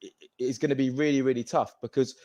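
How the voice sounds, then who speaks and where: A man calls in to a football fan show and lays out a calm, reasoned view of the game. His voice is mid-pitched and even. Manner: measured, thoughtful analysis.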